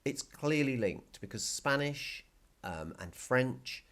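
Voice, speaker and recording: A male Spanish teacher explaining a recorded video lesson patiently, repeating key words slowly. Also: medium pitch, animated, fairly bright tone.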